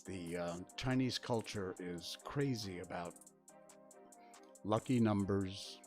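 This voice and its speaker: A man's voice: deep voice, takes it slowly, darkish tone, faint music behind. An older man chatting casually on a livestream from his home studio, rambling and dryly sarcastic as he reads his chat. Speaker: livestream host. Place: spare-bedroom streaming studio. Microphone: desk setup facing a webcam.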